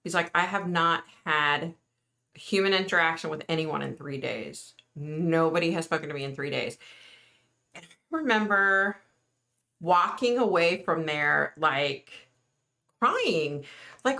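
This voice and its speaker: Middle-aged woman, livestream host, earnest and chatty, lowish pitch with a bright tone. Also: lively intonation, a little slow, gravelly. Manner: chatty, earnest, reads and answers viewer comments. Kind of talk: casual livestream chat with viewers.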